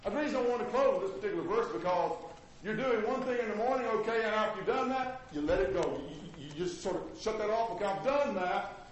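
A male pastor preaching a sermon, swinging from loud highs to low murmurs. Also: expressive, quick pace, hardly any pauses. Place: church sanctuary. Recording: echoey hall with faint noise.

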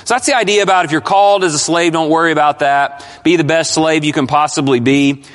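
Guy preaching in a church, kinda high voice, big hall echo, presses his points hard. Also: fairly even intonation, quick pace, fairly bright tone. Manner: emphatic, questions the congregation. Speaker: pastor. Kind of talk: expository sermon. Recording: long hall reverb.

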